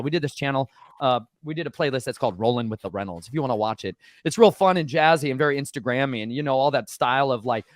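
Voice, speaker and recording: A man hosting his channel and telling his own story in an animated, rambling way. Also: on the high side, dry recording, clean studio sound. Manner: rambling and excitable, slipping into mock voices. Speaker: channel host. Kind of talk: animated personal testimony.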